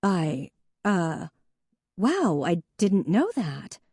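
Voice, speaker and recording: A woman voicing a warm younger sister with a dry, wry way of talking. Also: lowish voice, big pitch swings, extremely slow, husky, no room sound, voice pushed up, heavily acted.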